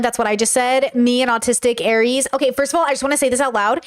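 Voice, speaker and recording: A woman's voice: sits high, steady tone, fast talker. A young woman streaming, chatting casually and rambling in reaction to clips, full of fillers and swearing. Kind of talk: casual reaction chat to a live chat.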